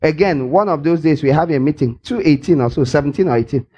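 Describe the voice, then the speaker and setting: An older man preaching a lively sermon, teasing his listeners and acting out little scenes as he goes. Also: a little high, fast talker, slightly rough, highs cut off. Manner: playful and teasing, acts out scenes, laughs often. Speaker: pastor. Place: church hall.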